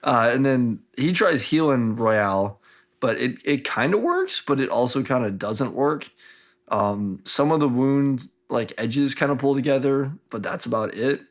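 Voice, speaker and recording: Brief: casual male podcast host, slangy recap, mid-pitched, loose delivery. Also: animated, measured pace. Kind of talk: casual book-club recap.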